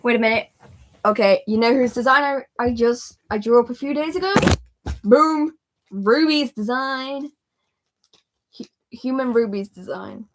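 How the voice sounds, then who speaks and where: A woman's voice: a little high, a little fast, a little hiss or hum. A speaker with a woman's voice and a British accent, chatting casually on a livestream in a rambling, giggly way. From Britain. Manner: rambling, giggly, easily sidetracked. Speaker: livestream host.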